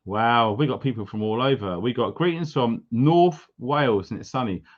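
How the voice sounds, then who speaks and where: A middle-aged man from England chats his way through greeting viewers on a casual livestream. He is upbeat and throws in jokey asides, and his voice sits at an ordinary pitch. The audio sounds slightly dull and lo-fi. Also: normal speed. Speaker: livestream host.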